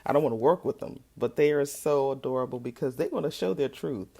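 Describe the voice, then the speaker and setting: A woman giving casual, teasing reaction commentary from a hotel room, sassy and quick to laugh. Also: extremely low pitch, mellow. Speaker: reaction video host.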